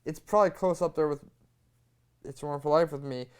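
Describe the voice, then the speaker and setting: A man's voice: a little high, quick pace, clear, resonant tone. A man co-hosting a casual movie review chat, talking earnestly and rambling a little, on a lapel mic. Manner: earnest, rambling with many "like" fillers.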